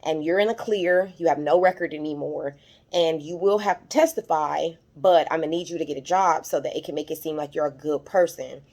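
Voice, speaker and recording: With a deep, slightly mellow voice and a brisk pace, a young adult YouTuber chats her way through a TV episode recap, quoting characters, leaning on fillers and getting emotional, her voice lifting when something moves her.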